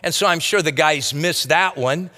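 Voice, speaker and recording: A man's voice: fairly high pitch, moderate pace, sharp tone, big-room sound. A man preaching a sermon as a pastor, teaching verse by verse in a conversational, folksy way with casual asides. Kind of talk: expository sermon.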